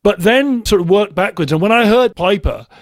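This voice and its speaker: A man with a high-pitched voice talks through his ideas in a casual interview. He is enthusiastic and thoughtful, and often circles back to restart a sentence. The sound is dry and close, with no room echo. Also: expressive, moderate pace. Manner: enthusiastic about music. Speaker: musician guest.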